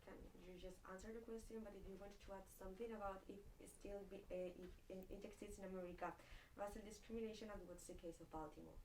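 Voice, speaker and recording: A woman with a Spanish accent asking interview questions, searching for words in halting phrasing. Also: medium pitch, fairly even intonation, a little mellow. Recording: echoey, distant from the mic, faint background noise.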